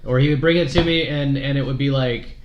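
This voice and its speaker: A man's voice: mid-range voice, steady tone, brisk, highs cut off. A man co-hosting a casual podcast chat, ranting bluntly and profanely, exaggerating for effect. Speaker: podcast co-host; game store clerk. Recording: echoey room with faint noise.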